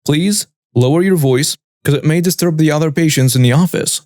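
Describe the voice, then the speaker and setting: A man voicing a calm, courteous female clinic receptionist. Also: on the high side, fairly quick, dry recording, studio quality, close to an everyday voice. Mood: polite.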